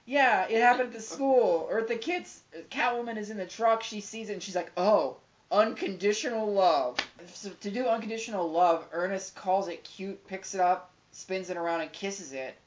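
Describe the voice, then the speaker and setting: A woman's voice: mid-range voice, moderate pace, few pauses, slight background noise. A woman co-hosting a casual podcast, recapping a movie plot with sarcastic, profane asides. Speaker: podcast co-host reviewing a movie. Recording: slightly dull lo-fi sound.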